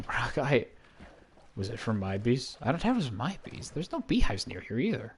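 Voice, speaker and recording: A man's voice: medium pitch, wildly swooping pitch, a little slow, pauses often, slight background noise. A man streaming a block-building game, chatting casually and rambling to himself with jokes as he plays. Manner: rambling, jokey, talks to himself.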